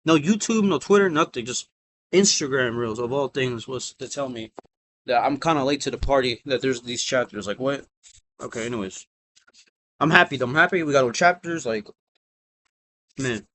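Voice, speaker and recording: A man giving a casual, excitable reaction rant about new manga chapters, rambling and exclamatory. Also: medium pitch, moderate pace, pauses often, slight background noise.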